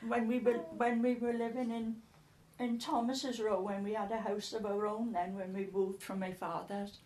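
A woman's voice: mid-range voice, level tone, moderate pace, a little mellow, reverberant, slight background noise. An older woman, telling stories in an interview in a chatty way, often repeating words as she recalls. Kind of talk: casual storytelling.

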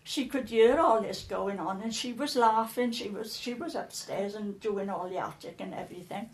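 A woman's voice: medium pitch, moderate pace, roomy sound. An older woman, telling stories in an interview in a chatty way, often repeating words as she recalls. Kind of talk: casual storytelling.

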